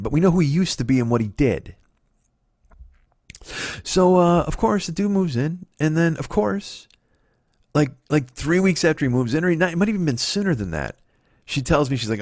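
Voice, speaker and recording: A man in his forties tells a long personal story on his podcast, swearing freely and getting worked up as he replays old arguments. His voice sits a little high for a man and comes across close and dry, with no room sound. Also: fairly quick, no room sound. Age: 40s. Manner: profane, exasperated, animated retelling with quoted dialogue. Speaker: podcast host. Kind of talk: comedic storytelling monologue.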